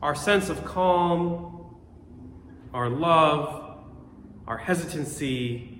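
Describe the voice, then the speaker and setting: A man gives an earnest, reflective sermon, recorded on a phone. His voice sits a little high for a man and moves in measured phrases. The room around him is echoey, with a long reverb trailing each line. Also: a bit bright, a little hiss or hum. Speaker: pastor.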